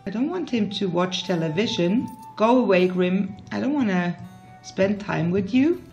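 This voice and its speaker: A woman's voice: medium pitch, lively intonation, moderate pace, creaky, darkish tone, muffled recording. A woman from Switzerland giving casual let's play commentary, chatting to her game characters with emotional outbursts. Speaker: gaming YouTuber. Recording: faint background music.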